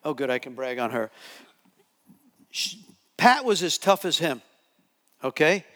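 A man preaching a sermon to a live audience, telling a story with lively acted-out quotes. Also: on the high side, unhurried. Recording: long hall reverb.

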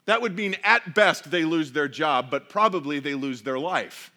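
Man preaching, slightly high voice. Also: normal speed, hardly any pauses, pushed and bright. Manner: expository preaching, reads scripture aloud then explains it. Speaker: pastor. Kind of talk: sermon.

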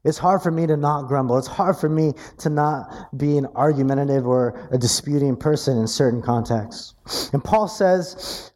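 Man, pastor, sermon, mellow dark tone, fairly high voice, animated, repeats words. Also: moderate pace. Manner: animated preaching with stammered restarts and rising emphasis.

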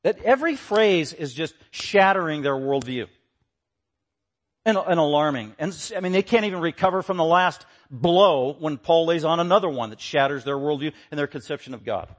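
A husky, fairly high-voiced man delivering a sermon. He hammers home short, repeated phrases, rising to loud declarations and then dropping to quiet, low asides. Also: moderate pace. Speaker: preacher.

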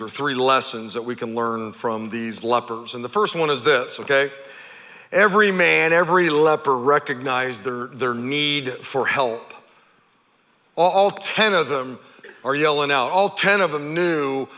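A man preaching a sermon, telling the story with animated energy and acting out the characters' shouts. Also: medium pitch, moderate pace, long reverb tail. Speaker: pastor.

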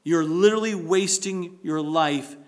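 A man's voice: on the high side, a little slow. A middle-aged man preaching a sermon as pastor, building emphasis through repetition and quotations from scripture.

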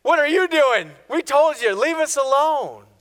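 A man voicing a frightened, complaining crowd that yells at its leader, in a high, whiny voice during a sermon. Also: brisk.

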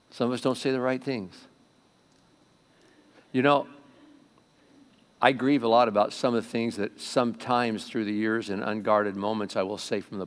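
A man preaching a sermon to a congregation as pastor, swinging between loud emphatic lines and quiet asides, often asking the room questions. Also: mid-range voice. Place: church sanctuary before a congregation.

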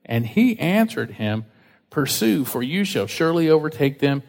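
A man preaching a sermon in a casual, conversational way, acting out quotes with lively voices. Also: on the high side, moderate pace. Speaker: pastor. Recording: reverberant hall.

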